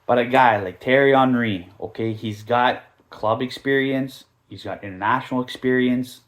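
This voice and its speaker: A man hosts a casual soccer podcast and rants in an animated, mocking way. He rambles through asides and slips into mimicked quotes, his voice sitting at an ordinary middle pitch. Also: normal speed. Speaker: podcast host.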